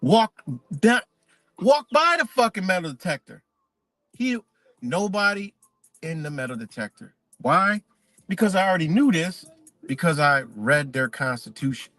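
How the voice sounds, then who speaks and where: A man's voice: high-pitched, sing-song, unhurried, fairly bright tone, dry recording. A man ranting casually on a live stream, profane and emphatic, rambling as he tells stories.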